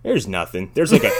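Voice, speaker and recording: A man's voice: extremely high pitch, background noise. Sarcastic guy ripping on a movie, voice jumps all over, swears a lot. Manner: sarcastic, profane, animated. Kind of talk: casual movie-riffing chat.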